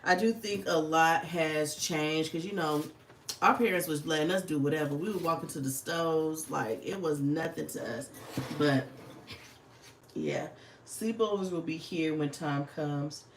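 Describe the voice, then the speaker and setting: A woman's voice: sits low, a little slow, reverberant, a little hiss or hum. A woman, chatting casually and swearing freely on a livestream. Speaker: livestream host. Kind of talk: casual livestream chat while planning.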